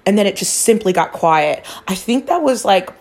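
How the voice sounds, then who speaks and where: A woman's voice: mid-range voice, animated, normal speed. A woman talking casually to her viewers as a psychic true-crime vlogger, rambling and confiding, with casual swearing and frequent restarts. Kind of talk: casual chat to camera.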